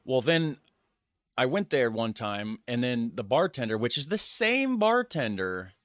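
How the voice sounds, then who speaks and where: A man's voice: medium pitch, big pitch swings, unhurried, pushed and bright, no room sound. Brief: male reaction host, dry close sound, rambling casual commentary. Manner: rambling, hedging asides.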